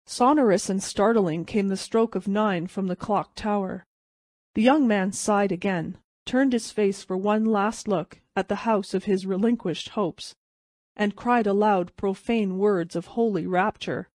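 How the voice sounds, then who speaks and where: A woman narrating a classic short story as an audiobook, in a steady, measured way. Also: mid-range voice, dry recording.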